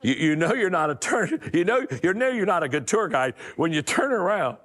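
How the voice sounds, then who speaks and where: A man's voice: sits high, sing-song, moderate pace, a bit bright, big-room sound. An older man giving a folksy motivational talk on communication and leadership, often repeating his first words as he starts a sentence. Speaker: leadership speaker.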